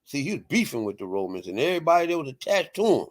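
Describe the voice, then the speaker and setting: A man hosting an online show reads from his screen and argues heatedly in rapid-fire bursts. His fairly high voice swings widely in pitch as he emphatically repeats "right?" and "people," building to loud outbursts.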